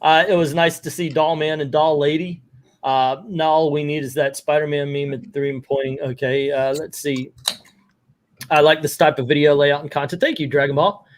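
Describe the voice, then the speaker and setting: Animated man reading comics aloud. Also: fairly high pitch, moderate pace. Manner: animated, reads quotes with rising emphasis. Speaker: comic book video host. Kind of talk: casual chat, reading comic dialogue aloud.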